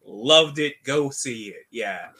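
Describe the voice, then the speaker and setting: A man trades jokes and short anecdotes on a casual podcast. His voice sits at an ordinary pitch. He often drops in quick funny lines. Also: animated, sharp tone, slightly rough. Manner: quick joking asides. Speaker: podcast co-host. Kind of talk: casual chat.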